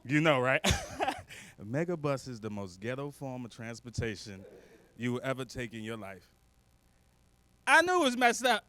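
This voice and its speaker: Man, stand-up comic, lively bright voice, high pitched, clean dry sound. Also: normal speed, pauses often, no room sound. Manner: animated, jumps into loud character voices. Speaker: stand-up comedian. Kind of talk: stand-up set. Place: comedy club stage.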